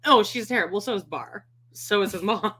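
A woman's voice: medium pitch, a little fast, pushed and bright. A woman hosting a podcast, chatting casually, laughing often and swearing freely. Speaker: podcast host. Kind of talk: casual chat.

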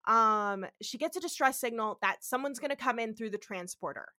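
A woman co-hosting a podcast, recapping a TV episode in excitable, sweary casual chat. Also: on the high side, moderate pace. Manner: excitable, swears, laughs, acts out quotes. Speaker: podcast co-host.

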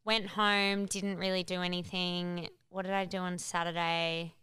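Clear, bright young woman chatting. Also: lowish voice, level tone, measured pace, dry recording, studio quality. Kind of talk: casual chat.

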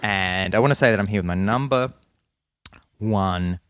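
A man's voice: fairly low pitch, moderate pace, loud music behind the voice. A man with an Australian accent co-hosting a casual podcast, playful and rambling, laughing often. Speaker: podcast co-host.

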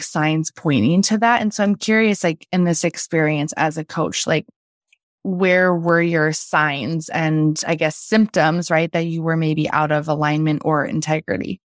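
A woman's voice: low voice, no echo, studio quality. A woman hosting a podcast, asking questions in a chatty, encouraging way with plenty of filler words. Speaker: podcast host. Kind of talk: casual interview talk.

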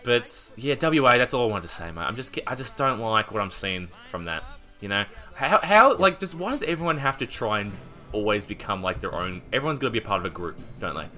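A young man with an Australian accent, co-hosting a casual podcast chat, animated and swearing freely as he banters. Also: fairly low pitch, a little fast, faint music behind. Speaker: podcast co-host.

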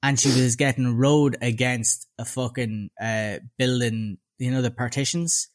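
A young man with a Dublin accent tells a story in a casual chat, at a mid-range pitch. He is sardonic and sweary, and he acts out every quoted line with animation. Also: a little slow. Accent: Dublin Irish. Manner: animated, profane, sardonic anecdote-telling with voiced quotes. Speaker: podcast co-host.

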